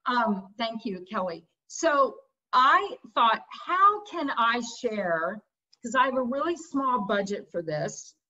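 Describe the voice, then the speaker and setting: With big pitch swings and a slow pace, a middle-aged woman speaks in a high, pushed, bright voice. She is a visiting artist lecturer giving a casual, candid art lecture via video call, laughing at her own stories, with muffled audio.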